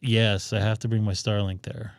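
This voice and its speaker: A man's voice: fairly low pitch, level tone, moderate pace. A man hosting a ham radio live stream, chatting casually and joking while he thinks aloud.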